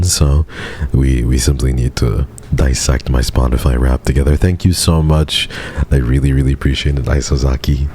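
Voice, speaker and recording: Male streamer with a very deep, dark voice, soft and flat, easing a sore throat. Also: a little hiss or hum. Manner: soft-spoken and subdued, flat monotone delivery. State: sore throat, speaking gently to spare it. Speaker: VTuber streamer. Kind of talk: casual livestream chat.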